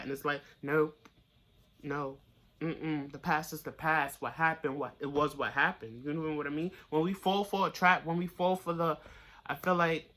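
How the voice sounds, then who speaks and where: Bright-voiced, blunt tarot reader. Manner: blunt, profane, pep-talk delivery; gets louder and higher when fired up. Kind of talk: casual tarot reading monologue.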